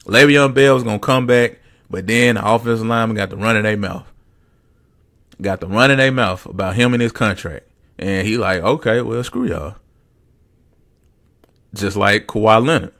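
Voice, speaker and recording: A man's voice: fairly low pitch, a little fast, fairly bright tone. A man hosting a podcast, talking sports in a casual, rambling way with lots of fillers and repeated phrases. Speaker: podcast host.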